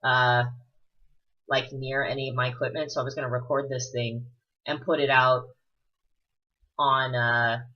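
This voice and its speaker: A man's voice: mid-range voice, level tone, unhurried, long pauses. A man giving rambling, casual let's-play commentary full of fillers and the odd swear word. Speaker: gameplay commentator. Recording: dull lo-fi recording.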